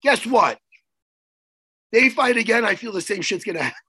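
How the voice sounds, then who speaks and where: Animated raspy New man. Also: high-pitched, moderate pace. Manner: animated, rambling, jokey. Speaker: co-host, jiu-jitsu coach. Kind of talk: excited casual chat.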